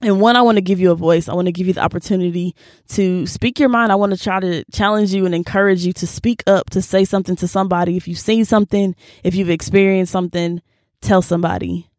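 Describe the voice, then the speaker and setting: A woman in her twenties talking earnestly and casually about a Bible story, lively when she quotes people and quieter when she shares her own life. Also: lowish voice, fast, no room sound, studio quality. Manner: earnest and animated, slips into quoted voices, Southern-leaning casual speech. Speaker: faith vlogger. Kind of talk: personal Bible reflection, casual talk.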